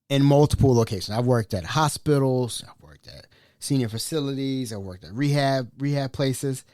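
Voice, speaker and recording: A man, a chef, telling colloquial anecdotes in a casual, animated way. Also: mid-range voice, dry recording. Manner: animated, colloquial, laughing asides. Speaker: chef, storyteller.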